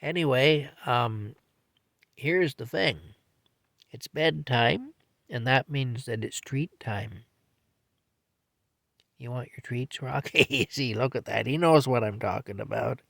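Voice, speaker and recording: An older man chatting casually in a bedtime vlog from his camper, rambling and repeating himself and talking softly to his cat. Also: mid-range voice, slow, creaky, pauses often, no echo. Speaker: vlogger. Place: small camper in a field, at night.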